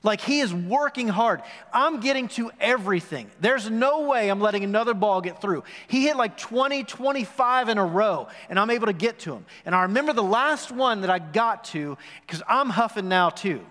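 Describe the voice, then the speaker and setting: A pastor in his forties preaches a sermon in a church sanctuary, where a worship hall's long reverb trails his words. His voice sits high and sounds fairly bright and expressive, moving at a moderate pace with few pauses as he tells a story and questions the congregation.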